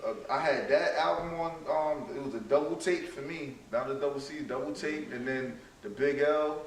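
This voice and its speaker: A man's voice: fairly high pitch, moderate pace, distant mic. Laid-back man telling stories in a roomy space. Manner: laid-back storytelling, says "yo" a lot. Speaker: guest artist. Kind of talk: casual chat. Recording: roomy sound, a bit off-mic, faint room noise.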